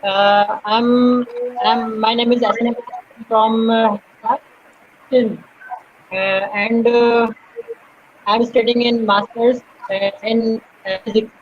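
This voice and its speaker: A man's voice: very high voice, flat delivery, slow pace, pauses often, dull audio. A man with a Pakistani accent, a physics master's student, introducing himself nervously and stammering with many fillers. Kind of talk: nervous self-introduction on a video call.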